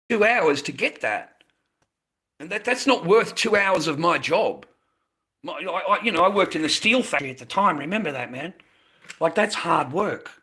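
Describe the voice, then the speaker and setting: A man's voice: sits high, fairly bright tone. An Australian man in his fifties ranting bluntly on a live stream, swearing heavily and repeating himself. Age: 50s. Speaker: livestreamer. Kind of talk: profane angry rant to a live stream.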